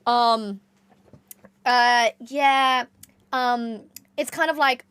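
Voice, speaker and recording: A young woman chatting casually with her live-stream chat, excitable, jumping between squeals and low mutters. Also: very slow, smooth, dry recording. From Australia.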